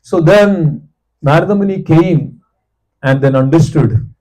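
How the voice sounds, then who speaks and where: A man giving a devotional class, telling a scripture story, asking his listeners questions and chanting repeated syllables softly until they fade out. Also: a little high, a little slow, low-quality recording. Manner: asks the audience questions and answers them.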